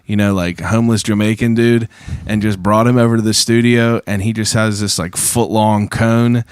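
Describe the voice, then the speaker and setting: A young male podcast host with a lowish voice, rambling in an easy, slangy way. The sound is dry and close to the mic. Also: steady tone, moderate pace, a little mellow, clean tone, no echo. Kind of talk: casual chat.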